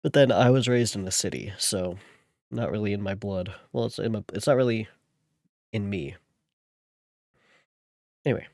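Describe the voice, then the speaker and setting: Relaxed young man with a low voice. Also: normal speed, long pauses, no room sound, studio quality. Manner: relaxed, chatting with viewers between read passages. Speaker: streamer reading a novel aloud. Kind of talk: casual chat mixed with reading aloud.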